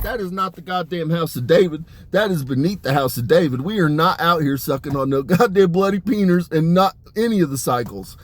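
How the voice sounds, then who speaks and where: A man giving a rambling, profane monologue, swearing constantly and breaking into laughter as he talks. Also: fairly high pitch. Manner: crude, swearing, laughing often.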